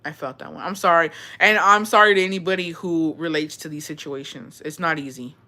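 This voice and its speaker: Texas girl in her 20s reacting to viewer stories, bright voice, talks emotional and swears a lot. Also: sits low, fairly quick. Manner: emotional, chatty, swears freely, calls viewers besties. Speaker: host reading viewer stories. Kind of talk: casual chat.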